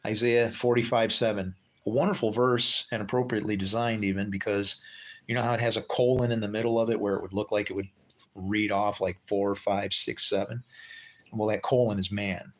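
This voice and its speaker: A man's voice: on the low side, flat delivery, fairly quick, slight background noise. A man giving an informal Bible teaching, talking conversationally, asking his listeners rhetorical questions and swearing now and then. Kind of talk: casual unscripted Bible talk.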